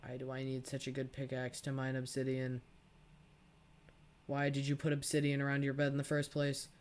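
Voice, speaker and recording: A man's voice: mid-range voice, completely flat delivery, normal speed, a little mellow, a little hiss or hum. A teenage boy giving casual, profane, rambling commentary over his own gameplay, full of sarcastic asides. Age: teens. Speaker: gaming channel host.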